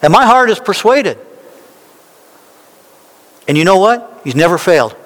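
A male pastor preaching a sermon, slow and emphatic, climbing into animated, insistent peaks when he drives a point home. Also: high-pitched. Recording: reverberant hall.

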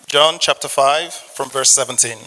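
A man's voice: medium pitch, moderate pace, bright, forceful tone. A man preaching a sermon, reading scripture and sharing a personal testimony in an earnest manner. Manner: earnest, testimony-sharing, asks audience for amens. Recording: long hall reverb.

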